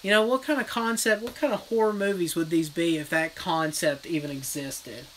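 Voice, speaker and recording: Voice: medium pitch, normal speed, slight background noise, poor audio. A horror vlogger in a casual livestream rant, retelling a film bluntly with lots of swearing. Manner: blunt, profane, animated storytelling. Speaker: horror vlogger reading live chat.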